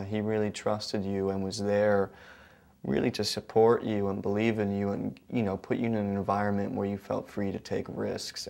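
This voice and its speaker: A man's voice: on the low side, creaky, a little mellow. A young male actor talking casually and thoughtfully in an interview, earnest with small hesitations.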